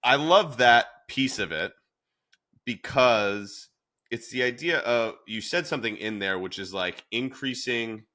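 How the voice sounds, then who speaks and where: A man hosting a podcast, chatting casually with self-deprecating, animated asides. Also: mid-range voice, unhurried. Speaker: podcast host. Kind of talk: podcast conversation.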